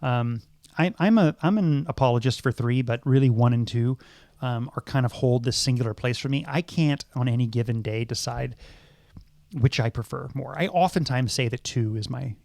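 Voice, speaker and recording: Middle-aged guy on a podcast, gravelly, lots of ums and restarts, dry close mic. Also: mid-range voice, normal speed, darkish tone, no room sound. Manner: thoughtful, many restarts and ums. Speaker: podcast co-host. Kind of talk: casual film discussion.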